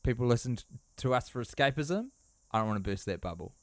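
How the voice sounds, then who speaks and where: A man's voice: mid-range voice, expressive, fast, no room sound. A man co-hosting a podcast, playing along as a mock-serious interviewer. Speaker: podcast co-host. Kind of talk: casual podcast banter.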